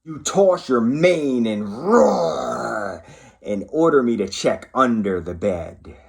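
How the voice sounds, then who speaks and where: Male officer reading aloud to kids; very slow, lively pitch, expressive. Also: gravelly. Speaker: police officer reading to schoolchildren. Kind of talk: children's picture-book read-aloud.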